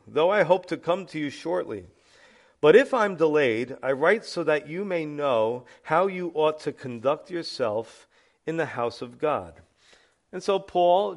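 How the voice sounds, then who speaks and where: A man preaching a sermon as a pastor, earnest, now and then acting out lazy churchgoers in quick asides. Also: on the high side.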